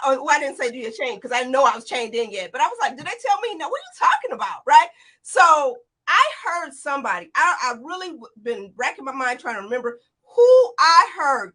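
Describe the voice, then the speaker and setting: A woman in her forties, a guest in an interview, retelling a frightening escape in an animated, tumbling way, full of quoted dialogue. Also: high voice. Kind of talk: emotional personal account.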